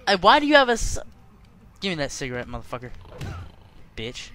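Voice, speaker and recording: A man's voice: fairly high pitch, wildly swooping pitch, fairly quick. A young man doing gameplay commentary, cursing and trash-talking the characters on screen. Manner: profane, trash-talking, yelling at game characters. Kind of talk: let's play commentary.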